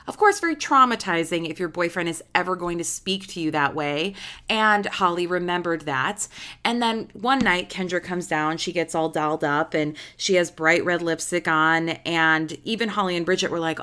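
Chatty woman podcaster, lowish voice. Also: normal speed, pushed and bright, clear, resonant tone. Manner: chatty, gossipy, emphatic retelling. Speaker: podcast host. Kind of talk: casual storytelling monologue.

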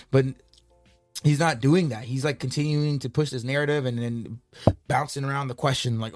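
A man co-hosting a casual crypto news show, talking in animated, rambling bursts full of "like". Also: medium pitch, faint music behind. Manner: animated, rapid, rambling with many "like"s. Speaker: co-host.

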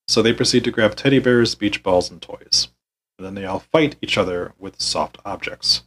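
A man hosting a podcast, recapping a wrestling show in a weary, deadpan, sarcastic way and swearing often. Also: on the low side, moderate pace, rough recording.

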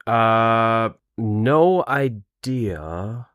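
Laid-back male podcast co-host, lowish voice, dry close mic. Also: lively intonation, extremely slow, a bit bright, dry recording. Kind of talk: casual chat.

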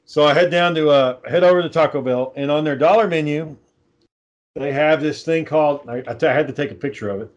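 A man's voice: fairly high pitch, brisk, lo-fi sound. A man in casual chat, telling long stories with many fillers and restarts.

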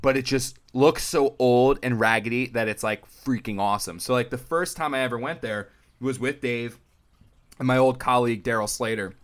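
A young man chatting casually on a sports podcast, telling stories and acting out what others said with big jumps in his voice. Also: normal speed. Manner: animated storyteller, acts out quotes with big pitch jumps. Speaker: sports reporter and podcast guest.

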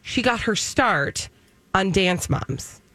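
A woman co-hosting a morning radio talk show, telling animated stories in a chatty way. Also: mid-range voice, slow pace, crowd noise. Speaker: radio co-host.

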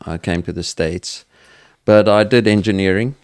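A middle-aged man, a podcast guest speaking slowly and with pauses. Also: on the low side, clean tone, dry recording, clean studio sound. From South Africa. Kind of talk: casual interview.

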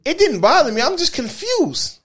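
High-voiced man in teasing banter. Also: sing-song, moderate pace, a bit bright. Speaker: podcast co-host. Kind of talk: casual chat.

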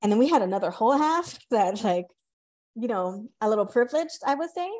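A woman in her thirties with a fairly high voice hosts a podcast in easy conversation. She tells stories with lively energy, acts out the people she quotes, and swears casually. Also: a little fast. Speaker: podcast host.

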